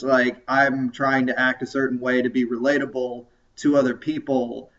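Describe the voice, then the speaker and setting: A man's voice: medium pitch, fairly bright tone. A man co-hosting a casual podcast discussion, talking hesitantly with many restarts and rambling asides. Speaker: podcast co-host. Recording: distant lo-fi home recording.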